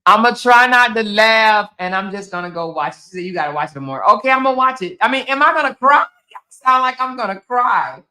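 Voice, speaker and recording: A woman hosting a casual livestream, reading viewer comments aloud and laughing, teasing and swearing freely as she talks straight to her viewers. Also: fast talker. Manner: animated, swinging between loud exclaims and low asides. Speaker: blogger and livestream host.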